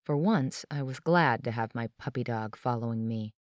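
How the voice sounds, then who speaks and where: A woman's voice: very deep voice, moderate pace, no echo, lo-fi sound. A woman narrating a tense, dramatic first-person audiobook.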